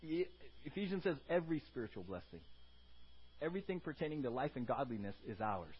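A man preaching a sermon as a pastor. He moves between loud, emphatic teaching and soft, quiet asides, and he calls out to the congregation for responses. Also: on the high side, sing-song, fairly quick, long pauses, husky, lo-fi sound.

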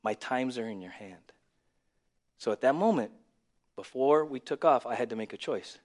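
A male pastor preaching a sermon, dropping to a near whisper and then rising to loud, emphatic lines. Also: mid-range voice, lively intonation, moderate pace. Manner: swings from hushed to loud and emphatic.

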